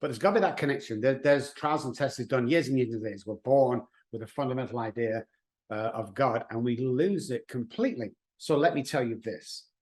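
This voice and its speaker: A middle-aged man, an addiction expert, speaking as a podcast guest in an emphatic, animated way, acting out quotes as he explains. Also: medium pitch, a little fast. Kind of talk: conversational podcast interview.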